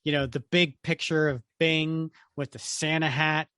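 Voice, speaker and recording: A man's voice: a little high, measured pace, clear, resonant tone, no room sound, clean studio sound. A middle-aged man co-hosting a podcast, chatting casually and animatedly, sometimes breaking into song and laughter. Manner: animated, sings snatches of songs and laughs. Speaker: podcast co-host. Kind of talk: casual chat.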